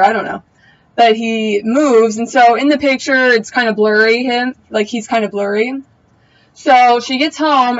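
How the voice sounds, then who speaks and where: A woman's voice: a little high, lo-fi sound. Chatty young woman recapping a show. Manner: chatty, opinionated, slangy, trails off with asides. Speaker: TV recap vlogger. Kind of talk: casual episode recap.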